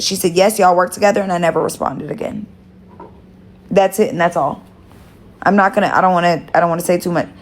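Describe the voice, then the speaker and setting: A woman hosting a livestream, telling a story to her viewers in a rambling, gossipy way, swearing and stressing her words. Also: medium pitch. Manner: gossipy, profane, emphatic swearing. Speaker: livestream host.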